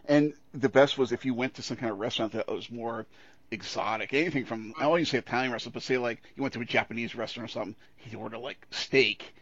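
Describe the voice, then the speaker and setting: A man co-hosting a podcast in casual chat, animated and profane, breaking into quick put-on voices as he jokes. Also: mid-range voice. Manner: animated, profane, puts on voices when joking. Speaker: podcast co-host. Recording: dull lo-fi sound.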